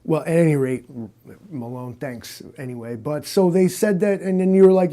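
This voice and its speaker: Low-key, hesitant man hosting a stream. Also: moderate pace, warm tone. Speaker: livestream host. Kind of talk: improvised comic interview.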